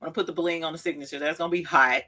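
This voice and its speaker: A woman in her forties hosting a casual craft live stream, gushing and exclaiming excitedly and talking straight to her viewers. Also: deep voice, very fast. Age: 40s. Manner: talks straight to viewers as "y'all". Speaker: craft show host.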